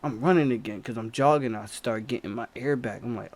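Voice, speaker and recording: A man's voice: mid-range voice, a little fast. Slangy man telling a chase story. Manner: slangy, breathless retelling with repetition. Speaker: storyteller vlogger. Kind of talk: animated personal storytelling.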